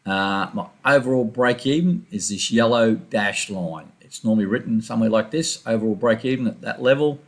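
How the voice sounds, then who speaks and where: Fast-talking man explaining trading charts. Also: fairly low pitch. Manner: fast, loose, run-on explaining with restarts. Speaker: forex trader reviewing his trades. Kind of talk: casual chart walkthrough.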